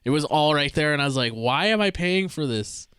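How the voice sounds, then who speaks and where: Smooth-voiced man co-hosting a podcast. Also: on the high side, fairly quick, no echo, studio quality. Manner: relaxed, laughs easily, rambling restarts. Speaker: podcast co-host. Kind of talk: casual chat.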